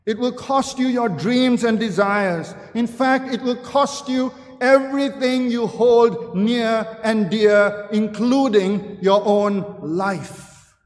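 High-voiced man preaching in a reverberant church. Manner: emphatic, builds through repeated phrases. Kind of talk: sermon. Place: church sanctuary.

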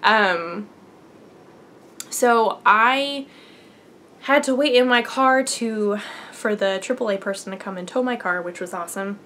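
A woman's voice: medium pitch, measured pace, long pauses, a bit bright. A young adult woman hosting a knitting podcast, telling a long personal story in a rambly, earnest way with many fillers. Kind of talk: casual storytelling.

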